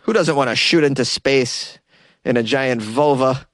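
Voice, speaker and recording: A man's voice: mid-range voice, unhurried, a bit bright, no echo, clean studio sound. A man hosting a comedy news segment, riffing sarcastically on stories and laughing at his own jokes.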